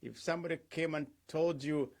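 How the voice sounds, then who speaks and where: A man's voice: a little high, fairly even intonation, a little fast. A middle-aged man speaking as a pastor in a devotional talk. He asks his listeners rhetorical questions and acts out the things people say.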